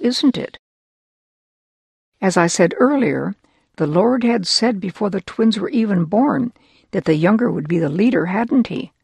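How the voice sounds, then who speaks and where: A narrator telling a Bible story for children, slow and deliberate, often turning to listeners with questions. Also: mid-range voice, creaky, husky, no room sound, studio quality.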